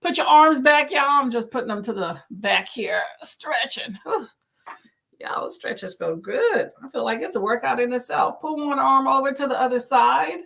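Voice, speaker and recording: A woman hosts a casual reading livestream, chatting warmly with viewers and calling out their names as they join. Her voice sits a little high, and she walks everyone through slow stretches and deep breaths between reads. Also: lively intonation, gravelly. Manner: friendly, greets viewers by name, talks through stretches. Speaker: booktube host.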